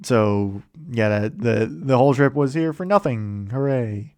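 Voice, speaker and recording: A man hosts a casual recap of a game's story, rambling, correcting himself and chuckling as he goes. His voice is smooth and clear at a mid pitch. The sound is close and dry. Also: measured pace, darkish tone, no echo. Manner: rambling, with many fillers, self-corrections and chuckles. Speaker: host. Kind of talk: casual game campaign summary.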